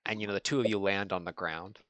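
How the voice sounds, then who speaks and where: A man running a tabletop game as game master, narrating in a halting way full of "you know" fillers. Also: on the low side, fairly even intonation, fairly bright tone, dry recording.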